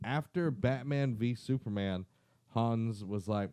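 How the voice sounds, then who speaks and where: A man's voice: on the low side, sing-song, moderate pace, a little mellow, dry recording, studio quality. A young man co-hosting a podcast in casual chat, joking and laughing often. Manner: jokey, laughs often, puts on silly voices. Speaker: podcast co-host.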